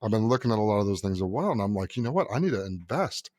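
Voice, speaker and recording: A man's voice: on the low side, rapid-fire, no echo. A man in his thirties from New York, co-hosting a podcast in casual chat, telling stories and swearing freely. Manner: animated storyteller, acts out quotes, swears freely. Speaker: podcast co-host.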